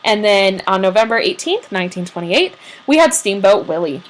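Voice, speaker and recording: A woman's voice: medium pitch, sing-song, normal speed. A young woman co-hosting a podcast, chatting casually and telling a history story with lots of "um"s and acted-out quotes. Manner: chatty storyteller, many ums, acts out quotes.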